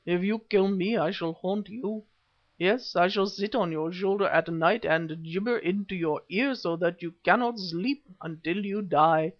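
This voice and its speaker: A man reading an audiobook, voicing a small, cunning, wizened old male servant who speaks in a squeaky, pleading way. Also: measured pace. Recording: dull lo-fi recording.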